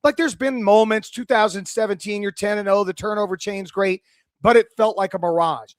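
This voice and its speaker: Man, sports radio host, high voice, fired up, dry studio sound. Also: fairly even intonation, a little fast, no echo. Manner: passionate, fired-up, swearing. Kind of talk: excited sports radio talk.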